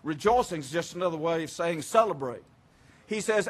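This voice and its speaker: A man's voice: high-pitched, expressive, moderate pace. A man preaching a sermon as pastor, earnest and drawing out key words for emphasis.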